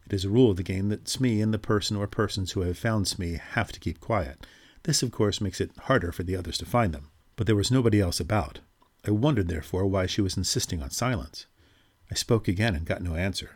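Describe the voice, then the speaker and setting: Low, husky male storyteller. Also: brisk. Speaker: narrator. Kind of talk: scripted narration of a ghost story.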